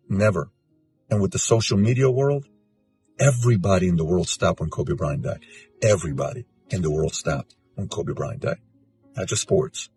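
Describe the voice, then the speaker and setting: A man's voice: medium pitch, darkish tone. Earnest, emphatic man in his forties. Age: 40s. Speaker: host. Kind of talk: emotional spoken tribute. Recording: music bed underneath.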